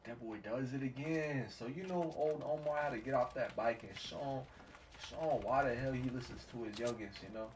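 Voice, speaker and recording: A man streaming a game and telling a story in rambling, slangy chat that often drops to low mutters. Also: normal speed. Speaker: gaming streamer. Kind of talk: casual storytelling while gaming. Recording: distant mic, faint background hiss.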